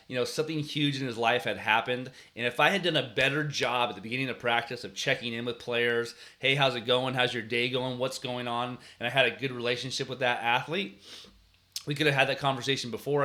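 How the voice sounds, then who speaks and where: A man hosting a casual advice talk for coaches and parents, telling stories earnestly, often restarting his sentences, and acting out the way he yelled at players. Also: medium pitch. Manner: earnest storytelling, frequent restarts, acts out yelling at players. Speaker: youth sports coach and show host.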